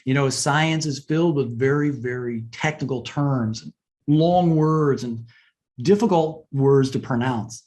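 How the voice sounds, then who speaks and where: A man giving a webinar lesson on presentation skills in a conversational way, often asking "right?" and pausing to stress points. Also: medium pitch, darkish tone.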